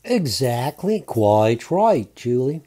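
A man voicing a charming, confident male bachelor who talks in a playful, smooth way. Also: mid-range voice, sing-song, takes it slowly, mellow.

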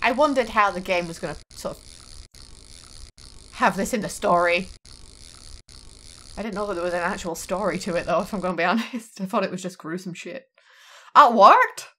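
Bright, excitable young gamer woman. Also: on the low side, moderate pace, long pauses. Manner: jokey, excitable and profane. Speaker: let's play gamer. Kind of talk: casual gameplay commentary.

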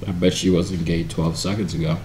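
A man's voice: deep voice, little pitch movement, a little fast, very noisy. A young man hosting his video channel, joking and teasing strangers in a casual video chat. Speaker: YouTuber host.

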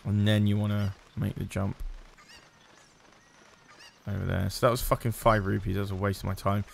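A man's voice: on the low side, level tone, moderate pace, gravelly, a little hiss or hum. A man streaming a video game, giving casual commentary as he plays, muttering to himself and swearing at the game.

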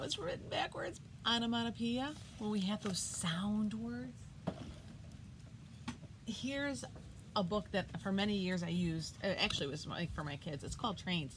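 A middle-aged woman teacher reading poems aloud to children, booming out the sound words and asking them questions. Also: background noise. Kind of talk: read-aloud poetry lesson for children. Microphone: iPad.

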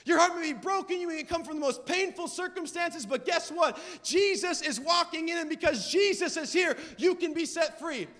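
A young man preaching a sermon with fervent, emphatic delivery and shouted peaks. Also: extremely high pitch, normal speed, hardly any pauses. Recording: long hall reverb.

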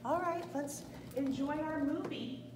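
A woman's voice: high-pitched, unhurried. A woman preschool teacher leading pretend-play as check-in agent, flight attendant and pilot, in a playful sing-song way. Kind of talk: classroom pretend-play as airline staff and pilot. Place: preschool classroom. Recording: echoey room, distant mic, steady noise.

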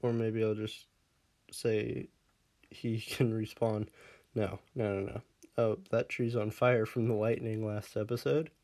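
A man's voice: on the low side, little pitch movement, a little slow, a little mellow. A man casually commenting on his game as he plays, laughing often and scolding his pet dog in the game before fussing over him. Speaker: Minecraft let's player.

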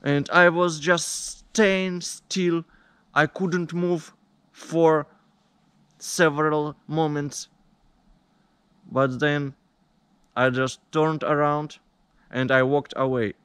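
Slow, indignant man. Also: a little high, steady tone, fairly bright tone, clear, resonant tone, no echo. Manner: indignant, deliberate storytelling. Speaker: vlogger. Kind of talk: complaining vlog monologue.

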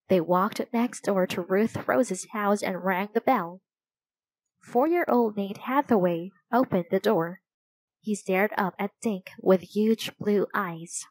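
A woman reads a children's chapter book aloud. Her storytelling is clear and measured, at a slow pace. The recording is dry and close, with no room sound. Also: mid-range voice, a little mellow, no room sound, poor audio. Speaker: storybook reader.

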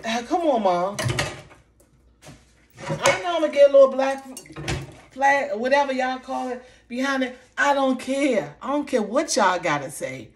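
A woman's voice: sing-song, a little slow, pauses often. Upset woman venting on camera. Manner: impassioned, repeating herself, voice dropping low and soft when recalling hurt. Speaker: vlogger. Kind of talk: emotional commentary vlog. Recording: faint background noise.

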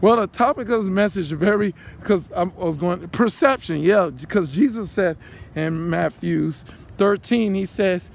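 A man's voice: sits high, moderate pace, creaky. A man preaching casually while walking by a pond, rambling and repeating phrases, recorded on a handheld phone. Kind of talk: outdoor walking vlog sermon. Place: outdoors by a pond.

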